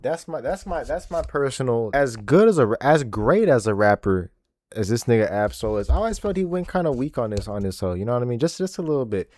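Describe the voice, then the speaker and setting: A man in his twenties hosting a music reaction video, excitable and profane, often repeating himself. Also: mid-range voice, a little fast, no echo. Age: 20s. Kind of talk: casual reaction commentary. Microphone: desk microphone.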